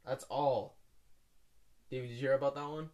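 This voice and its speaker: A young man co-hosting a casual podcast, telling a rambling dream story with lots of swearing and sudden loud yells. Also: medium pitch, fairly even intonation, normal speed. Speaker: podcast co-host. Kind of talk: casual chat.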